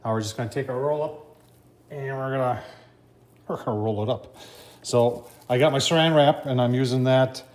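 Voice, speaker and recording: Man, cooking vlog host, folksy, chatty, mid pitch. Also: normal speed, long pauses, darkish tone. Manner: folksy, chatty, keeps calling viewers folks.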